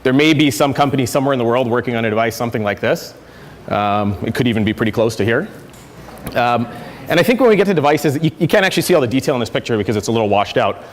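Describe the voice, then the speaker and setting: A man gives a conference talk at a brisk pace, restarting phrases and filling gaps with "um" as he goes. His voice sits mid-range. It rings out with a long reverb from the hall. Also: mid-range voice, expressive. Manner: conversational, self-correcting with fillers. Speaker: conference speaker. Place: lecture hall.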